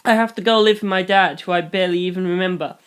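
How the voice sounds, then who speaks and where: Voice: quick pace, a bit bright, smooth, lightly acted. A reader voicing a scared, stubborn eleven-year-old girl who pleads through sobbing tears, in a fan reading of a novel. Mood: upset. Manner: sobbing, pleading, rising high. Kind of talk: audiobook reading.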